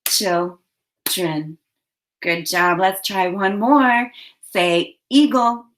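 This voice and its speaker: A woman teacher leading a phonics lesson for young children, giving slow, clearly enunciated prompts. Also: medium pitch, a little hiss or hum.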